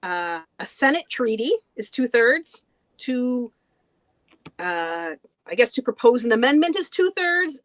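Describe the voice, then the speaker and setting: A woman's voice: mid-range voice, fairly bright tone, no echo, low-quality recording. A woman hosting a podcast, explaining in casual chat and laughing often. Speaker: podcast host.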